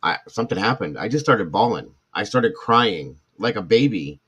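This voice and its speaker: His lowish voice is expressive and slightly rough, with a fairly bright tone at normal speed. The middle-aged ex-firefighter and paramedic speaks candidly and casually to viewers, rambling through restarts and asides.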